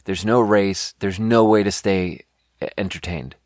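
A man's voice: low voice, steady tone, measured pace, a little mellow, dry recording, clean studio sound. A young adult man ranting in a casual podcast chat, exasperated and profane, rambling with many fillers. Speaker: podcast host. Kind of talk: casual rant.

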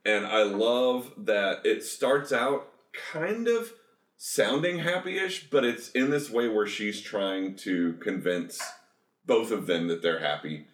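A man's voice: fairly low pitch, echoey room. A man co-hosting a podcast, chatting eagerly and rambling about a musical he loves. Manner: enthusiastic, rambling, quick asides. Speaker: podcast co-host. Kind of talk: casual chat about a musical.

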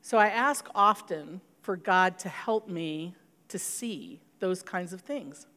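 A woman's voice: fairly low pitch, lively intonation, slow pace, bright, forceful tone, long reverb tail. A middle-aged woman pastor giving an earnest sermon, telling a personal story and leading into prayer.

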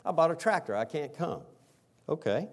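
Lively animated male pastor preaching. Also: a little high, normal speed. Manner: animated preaching, shifts from loud exclamations to soft earnest appeals. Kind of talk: sermon.

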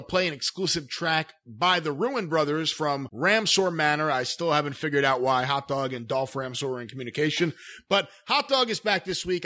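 A man's voice: fairly high pitch, bright, forceful tone. A man hosting a comedy podcast, presenting a countdown in an upbeat way and playing straight man to the characters. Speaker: podcast host.

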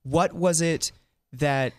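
Low-voiced joking woman interviewer. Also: darkish tone, dry recording. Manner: playful, quick to joke. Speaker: interviewer host. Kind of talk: casual interview chat.

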